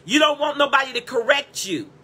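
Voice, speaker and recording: A woman's voice: sits high, expressive, fairly quick, sharp tone. A woman preaching an impassioned sermon as a prophetic teacher, blunt and repetitive, breaking into cries of praise. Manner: blunt, scolding and direct.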